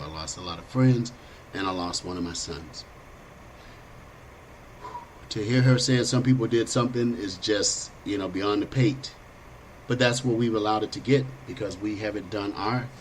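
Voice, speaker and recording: A middle-aged man with a lowish voice hosts a political talk show, speaking bluntly and rambling in a loose, conversational way. The recording is low quality, with a faint hiss behind him.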